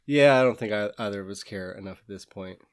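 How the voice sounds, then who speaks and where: A man's voice: fairly low pitch, fast talker, clean tone. An exhausted young man co-hosting a podcast in casual chat, easygoing, swearing and stammering. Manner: laid-back, swears, stammers and laughs often. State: exhausted from little sleep. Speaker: podcast co-host.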